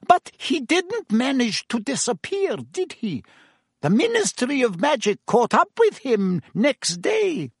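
A man voicing a gossipy, eager female innkeeper who asks breathless, high questions. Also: big pitch swings, slow, no room sound, studio quality, exaggerated voice.

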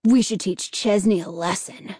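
A woman voicing a mischievous, mocking boy with a high, teasing voice. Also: a little slow, mellow, breathy edge, no echo, studio quality.

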